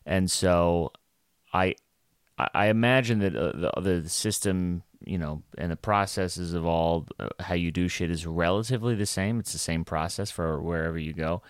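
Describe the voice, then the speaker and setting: A man's voice: low-pitched, normal speed, clear, resonant tone, no room sound, studio quality. A young adult man, a stand-up comedian, telling a casual rambling story with lots of fillers and restarts.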